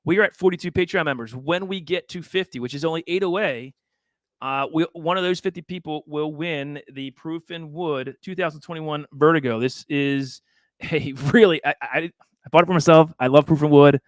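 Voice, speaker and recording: A man's voice: fairly high pitch, moderate pace, dry recording, studio quality. A man hosting a casual livestream, talking in a chatty, rambling way with laughs and repeated words. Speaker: livestream host.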